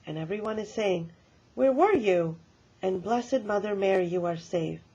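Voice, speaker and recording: A woman voicing an elderly grandmother who tells a story about her own stubborn childhood in a lively, emphatic way. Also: mid-range voice, normal speed, husky, dull audio. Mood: storytelling.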